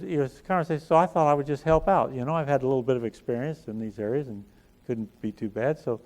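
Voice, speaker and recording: A middle-aged man speaks at a chiropractic business conference, giving a motivational talk to a live audience, full of folksy stories and self-deprecating jokes. His voice is a little high with a darkish tone.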